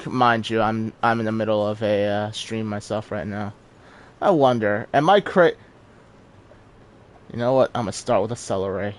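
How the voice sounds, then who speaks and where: Low-voiced man streaming a game. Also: flat delivery, a little fast. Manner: casual, self-deprecating, chuckles often. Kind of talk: live gameplay commentary.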